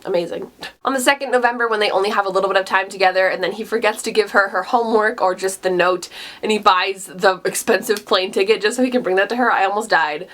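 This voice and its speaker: A woman's voice: medium pitch, fast talker, fairly bright tone. A woman in a casual book talk vlog, gushing with enthusiasm, laughing often and filling her talk with "like". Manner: gushing, enthusiastic, frequent "like" fillers; laughs often mid-sentence. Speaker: book reviewer.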